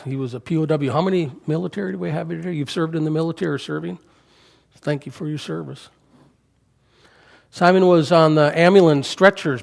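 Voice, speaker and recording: A man's voice: a little high, gravelly. Older man preaching in a reverberant church. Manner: conversational, asks the congregation questions. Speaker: guest preacher. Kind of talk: storytelling sermon. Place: church sanctuary.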